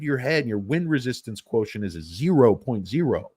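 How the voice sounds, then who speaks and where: Male stock streamer, rambling jokester, swinging pitch, dry close sound. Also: sing-song, fairly quick, a little mellow, breathy edge, dry recording. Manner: rambling, joking, bouncy delivery. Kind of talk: casual livestream chat.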